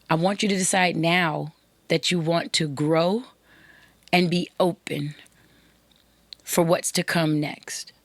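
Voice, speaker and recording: A woman's voice: on the low side, dry recording. Earnest woman podcast host, dry close mic. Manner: earnest, direct, preachy. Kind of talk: podcast monologue.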